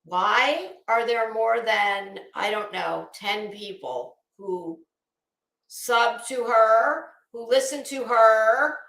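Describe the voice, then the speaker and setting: A woman's voice: a little high, slow, vocal fry, a bit bright, echoey room. A woman hosting a live commentary stream, rambling bluntly and sarcastically while greeting her viewers.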